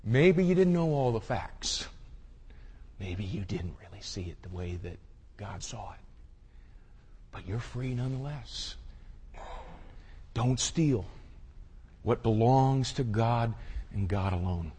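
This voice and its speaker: A man preaching a sermon, folksy and direct, swinging from hushed murmurs to loud shouted exclamations. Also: lowish voice, animated, takes it slowly, long pauses. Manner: folksy, addresses the audience as y'all and buddy. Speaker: pastor. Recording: husky voice with long hall reverb.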